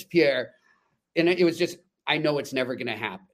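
A man co-hosting a sports podcast, telling stories in an animated, emphatic way. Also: medium pitch, moderate pace. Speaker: podcast co-host. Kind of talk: casual sports chat.

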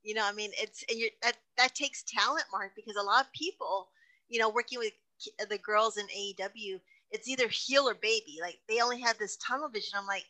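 A woman's voice: mid-range voice, brisk, sharp tone, rough recording. A woman interviewer reading out listener questions and chatting casually.

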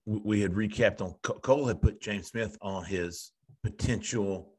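A man's voice: lowish voice, moderate pace, breathy edge. Male host, casual recruiting talk, stammers and restarts often. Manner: stammering restarts, animated storytelling. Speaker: podcast host. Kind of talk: casual sports recruiting chat.

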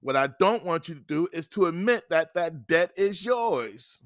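A middle-aged man with a slightly high, expressive voice hosts a podcast offering credit advice, speaking at a measured pace in clean studio sound without echo. His instructional monologue is emphatic and repetitive, and he acts out both sides of phone calls.

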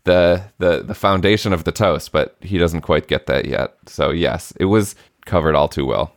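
A man's voice: low-pitched, normal speed, dry recording, studio quality. A man co-hosting a parenting podcast, telling a story in an earnest, self-deprecating way. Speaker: podcast co-host. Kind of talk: casual chat.

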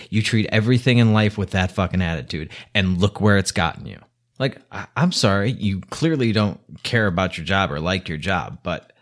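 A man delivering an exasperated, scolding rant to the camera, swearing heavily. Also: on the low side. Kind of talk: angry rant monologue.

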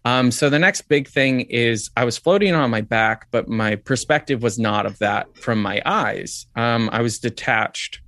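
A man's voice: medium pitch, a little slow, hardly any pauses, a bit bright. A man as an interview guest, telling a personal story in a reflective way, with many "like"s and "um"s. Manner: reflective, lots of "like" and "um".

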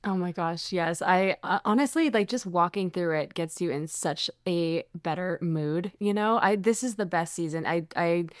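A woman's voice: on the low side, normal speed, few pauses, dry recording. A young woman co-hosts a podcast in an easy, bubbly way, gushing and filling her talk with likes and ums. Her voice sits mid-range and is recorded close and dry. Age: young adult. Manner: bubbly, gushing, frequent fillers. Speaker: podcast co-host. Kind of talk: casual chat.

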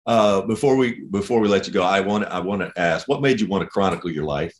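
A low-pitched man hosts a relaxed podcast chat. He asks short, friendly questions and keeps the talk moving. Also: fast talker. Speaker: podcast host. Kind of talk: casual interview.

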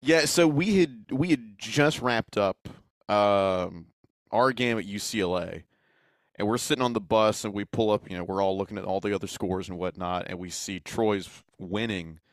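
A young man, a team's radio voice, chatting casually and retelling a game with lively acted-out quotes. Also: lowish voice, moderate pace, no echo, studio quality. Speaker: play-by-play voice of a college football team. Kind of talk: casual storytelling chat.

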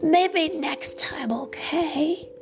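A woman's voice: high-pitched, very slow, creaky, over music, voice pushed up, full character voice. A woman voicing a sleepy young boy possum in a bedtime storybook reading, drowsy and half-whispered.

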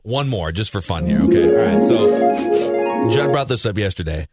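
A man's voice: lowish voice, animated, moderate pace, over loud music. A man hosting a sports talk radio show, upbeat as he sets up segments with long questions.

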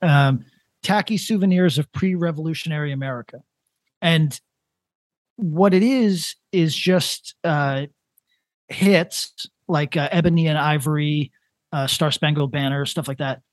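A man in his thirties co-hosting a casual comedic podcast, rambling in a deadpan way with lots of restarts. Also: on the high side, measured pace, dry recording. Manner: rambling, deadpan, building to a prank. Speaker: podcast co-host.

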